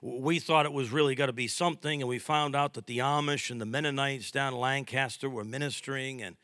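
A man preaching a sermon as a pastor, telling stories with acted-out dialogue in a lively, humorous way. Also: mid-range voice, a little fast, no echo, studio quality. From New York.

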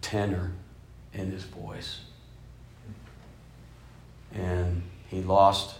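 A low-voiced man in his fifties preaches to his congregation, moving from forceful emphasis to near-whispered storytelling. His sermon rings through an echoey church hall. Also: slight background noise. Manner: storytelling preacher, swinging from loud emphasis to soft, hushed delivery. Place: church sanctuary.

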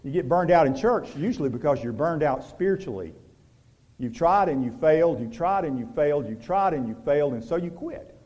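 A pastor preaches a sermon in a voice that's a little high, expressive, and fairly quick. He shifts from loud, emphatic lines to soft, hushed ones, using rhetorical questions and repetition.

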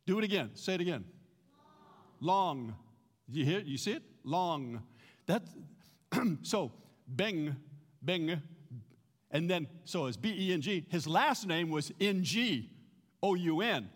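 A man's voice: high voice, animated, normal speed, long reverb tail. A middle-aged man from the United States giving a practical church teaching, plain-spoken and prone to repeating words as he restarts. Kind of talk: sermon-style teaching.

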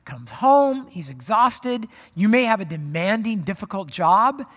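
A man's voice: high voice, sing-song, unhurried, a bit bright, in a large hall. A man preaching a sermon in a conversational way, often acting out quoted voices. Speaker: pastor.

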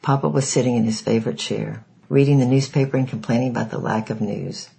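Guy reading a novel out loud, gravelly voice, plain steady narration. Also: mid-range voice, fast, rough recording. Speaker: reader of a novel. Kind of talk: reading a book aloud.

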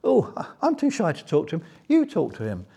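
Man putting on shy young women, flustered, stammering, quick and a little higher, husky tone. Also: wildly swooping pitch, dark tone, heavily acted. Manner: hurried, stammering, giggly. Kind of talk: Bible story retelling.

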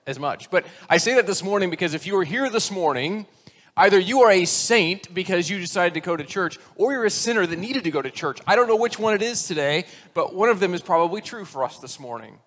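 Higher-voiced pastor preaching in a reverberant hall. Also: male voice, expressive, fairly quick, a bit bright. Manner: self-deprecating, conversational, tells jokes with voiced characters. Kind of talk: sermon.

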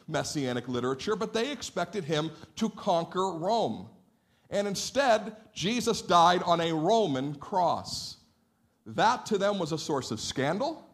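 A man preaching in a church, his voice rising and falling with great animation. He sits a little higher than most men and talks to the congregation in a conversational way, acting out what listeners might say. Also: a bit bright. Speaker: pastor. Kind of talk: sermon. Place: church sanctuary.

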